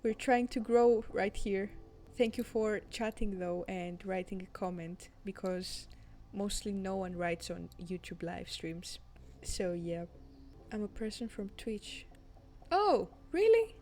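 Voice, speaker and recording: A woman's voice: mid-range voice, fairly even intonation, measured pace, a little mellow, slight background noise. A woman game streamer chatting casually and giggling as she thanks viewers and reads game text aloud. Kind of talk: casual live-stream chat.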